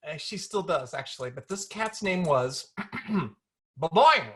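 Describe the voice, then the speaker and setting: A woman's voice: low-pitched, lively intonation, takes it slowly. A woman author chatting over a video call, playful and rambling, often stopping and restarting her sentences. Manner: playful, rambling, self-interrupting. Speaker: author being interviewed. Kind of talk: casual video-call conversation. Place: home, virtual event.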